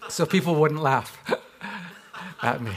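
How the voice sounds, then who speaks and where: A Canadian man gives a sermon as a pastor, weaving in stories from his own life. His voice sits a little high for a man, and he speaks reflectively, drawing out the words that matter most. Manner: reflective, slows down on key words. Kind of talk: sermon with personal storytelling.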